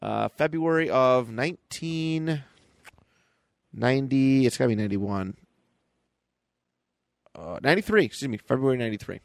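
A man's voice: mid-range voice, normal speed, creaky, long pauses, no room sound. A man co-hosting a podcast, chatting casually with laid-back remarks. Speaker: podcast co-host. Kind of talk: casual chat.

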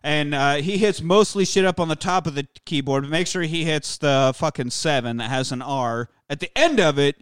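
A man hosting a podcast, recapping a movie in animated, profane casual chat. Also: a little high, moderate pace, hardly any pauses, smooth, no echo, studio quality. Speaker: podcast host.

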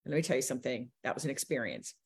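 A woman in her forties, a guest on a livestream, telling her life story in a lively, animated way. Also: racing, husky. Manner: lively storyteller, swings pitch a lot. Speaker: guest, business coach.

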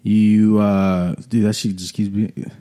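A young man from Watsonville, California, casually telling a profane, animated story about a party fight, often laughing. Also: on the low side, slow, background noise.

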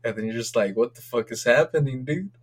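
A man co-hosting a casual sports podcast, rambling and swearing excitably as he rants about his team's games. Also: medium pitch, fairly quick. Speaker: podcast co-host.

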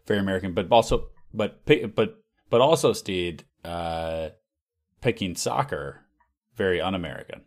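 A man with a very low voice chatting on a podcast. He teases his co-host with dry, understated remarks. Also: lively intonation, moderate pace. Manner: dry, teasing asides. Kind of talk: casual chat.

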